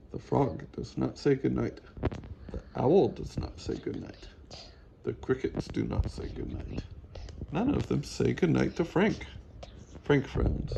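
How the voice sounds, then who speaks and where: A man reading a children's storybook aloud in a gentle, unhurried way. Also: medium pitch, gravelly, lo-fi sound, slight background noise. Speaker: storybook reader.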